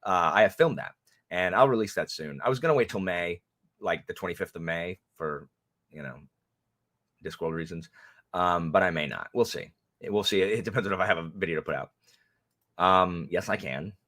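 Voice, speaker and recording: A man's voice: low-pitched, normal speed, a bit bright. A young adult man co-hosting a casual livestream, joking and teasing in a rambling way. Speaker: booktube co-host.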